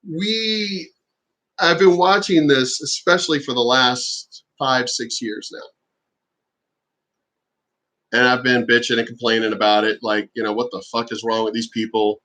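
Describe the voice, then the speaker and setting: A man ranting on his own vlog, profane and exasperated, now and then mocking others in shrill voices. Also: level tone, moderate pace, sharp tone, rough recording. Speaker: channel host.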